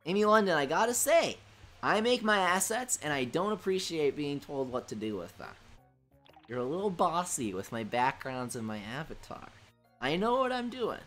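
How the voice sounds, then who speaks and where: A man's voice: a little high, normal speed, faint music behind. A young man hosting a live stream from home, reading viewer comments aloud and answering them with sarcastic jokes. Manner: sarcastic, animated and joking. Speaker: livestream host.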